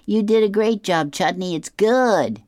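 A man's voice: sits high, measured pace, a little mellow, no echo, voice pushed up. A man voicing a young schoolboy from a comic strip in a raised, eager voice. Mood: chirpy.

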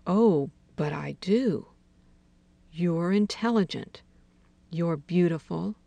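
A woman voicing a stingy, scheming man in a story reading, speaking low and often in a hushed murmur. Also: slow, gravelly, dry recording, exaggerated voice.

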